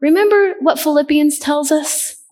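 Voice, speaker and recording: A middle-aged woman preaches with earnest conviction. She keeps putting questions to her listeners and repeats her main points. Her voice sits fairly high. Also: moderate pace, a little mellow. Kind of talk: sermon.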